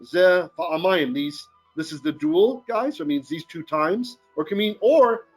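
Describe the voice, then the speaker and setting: A man teaching a Torah lesson in an animated, jokey way, often checking in with his listeners. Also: high voice, unhurried, breathy edge, soft background music. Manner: animated, jokey teaching with frequent "right?" asides. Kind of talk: live-streamed Bible lesson. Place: Philippines.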